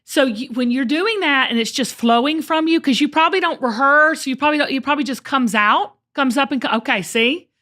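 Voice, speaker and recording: A middle-aged woman who coaches her guests with earnest, emphatic talk. Her voice sits a little high, and she doubles up words as she pushes her point home. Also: a little fast, few pauses, bright, forceful tone. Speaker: host and coach.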